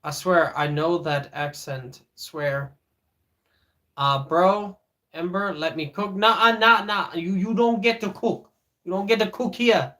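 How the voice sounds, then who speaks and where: Slow-talking man teasing chat. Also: sits high, bright, forceful tone. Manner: joking, teasing, reads chat aloud; many fillers and restarts. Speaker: streamer. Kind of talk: casual live-stream chat.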